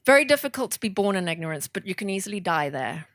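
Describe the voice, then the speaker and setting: A woman author from southern Africa telling animated, self-deprecating stories to a bookstore audience, laughing often. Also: medium pitch, fast, noisy background. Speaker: author speaking at a bookstore event. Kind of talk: storytelling in an audience Q&A.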